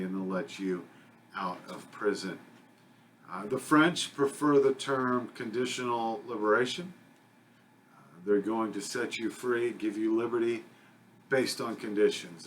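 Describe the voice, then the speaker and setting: A man's voice: lowish voice, slight background noise. A man, a criminal justice instructor, giving a conversational recorded lecture with frequent fillers and self-corrections.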